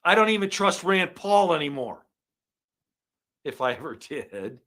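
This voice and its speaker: A man giving an angry monologue to his viewers, swinging from loud outbursts to low muttering. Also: big pitch swings, measured pace. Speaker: online commentator.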